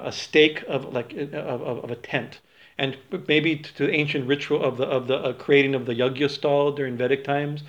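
A man teaching a small group in an informal spiritual talk, halting with many fillers and restarts. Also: medium pitch, highs cut off.

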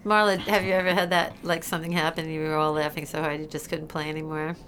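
A woman's voice: low-pitched, level tone, fast, a bit bright, slight background noise. A woman co-hosting a casual podcast interview, encouraging the guest with lots of short reactions. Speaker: podcast co-host.

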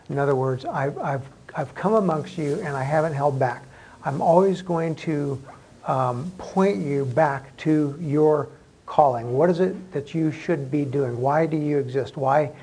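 A man's voice: fairly high pitch, a little mellow, slight background noise, rough recording. A man preaching a sermon to a congregation in a church room, talking conversationally with frequent restarts. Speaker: pastor.

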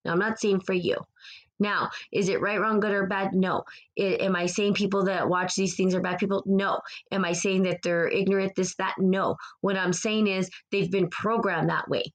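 A woman's voice: medium pitch, steady tone, moderate pace, poor audio. A woman speaking to her followers in a casual spiritual monologue, passionate and rambling, repeating herself as she gets preachy.

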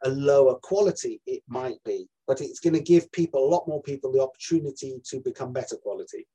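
A man's voice: mid-range voice, brisk, mellow, breathy edge. A man who coaches actors, talking casually as an interview guest and often restarting his sentences. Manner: restarts sentences, plain-spoken.

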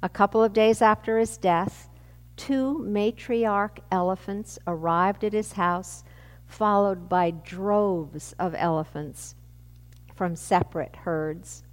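A woman pastor giving a sermon with a measured, reflective delivery. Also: medium pitch, steady tone, in a large hall.

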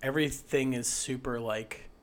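A man's voice: mid-range voice, fairly even intonation, normal speed. A man fighting a head cold, co-hosting a casual movie review podcast in a rambling, jokey way and swearing now and then. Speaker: podcast co-host.

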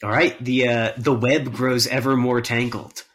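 A man co-hosting a casual podcast chat, seated on his bed at home and making wry, deadpan asides. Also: medium pitch, a little slow. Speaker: podcast co-host.

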